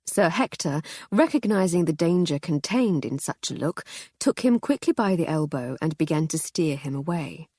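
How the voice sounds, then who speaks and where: Wry woman audiobook narrator, low-pitched and husky, dry close sound. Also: expressive, dark tone, no echo. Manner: wry, measured storytelling. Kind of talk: scripted narration.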